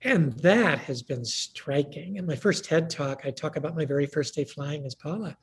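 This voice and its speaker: Her voice sits low and a little rough, and she keeps a moderate pace. The guest speaker relates stories in conversation, animatedly voicing the lines of the people she quotes.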